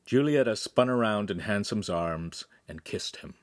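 Low-voiced man reading a novel aloud. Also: expressive, a little slow, dry recording, clean studio sound. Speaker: audiobook reader. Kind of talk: scripted narration.

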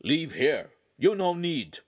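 A lazy male robot dog head that barks out clipped, broken commands in a rolling growl, pitched a little above the everyday voice, as a man puts it on for a storybook reading. The sound is close and dry. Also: sing-song, slow, no room sound, exaggerated voice. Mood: barking.

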